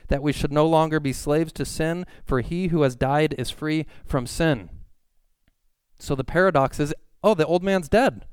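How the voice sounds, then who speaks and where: A man's voice: a little high, a little mellow, clean tone, no room sound. A young man preaching a sermon as pastor, earnest and emphatic, building on repeated phrases. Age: young adult.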